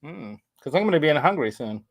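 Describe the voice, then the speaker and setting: A man hosting a casual show, telling a story in a rambling, animated way with laughs. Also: on the high side, very fast, no room sound, low-quality recording. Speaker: show host. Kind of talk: casual chat.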